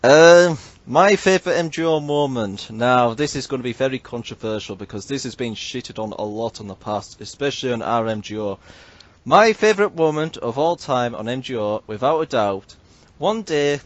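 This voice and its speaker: A man's voice: medium pitch, normal speed, dull audio. A man, hosting a casual podcast and telling a story animatedly, swearing and mimicking others. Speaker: podcast host.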